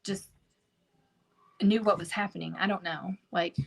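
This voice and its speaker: A woman's voice: on the low side, steady tone, a little slow, gravelly. Chatty woman telling stories mid-craft. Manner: chatty storyteller, talks to viewers directly. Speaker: craft video host. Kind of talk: casual chat while crafting.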